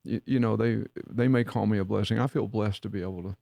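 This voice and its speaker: A man's voice: lowish voice, fairly even intonation, quick pace, vocal fry, mellow, no room sound. A man, co-hosting a podcast, telling a story in a folksy way and acting out the dialogue. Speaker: podcast co-host and leadership mentor. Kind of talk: casual storytelling chat.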